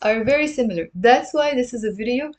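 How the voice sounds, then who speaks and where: Lively intonation and a slightly fast delivery mark this woman's fairly high voice. She's an online Arabic teacher streaming live to a webcam, explaining each step, drilling pronunciation, and fielding viewer questions.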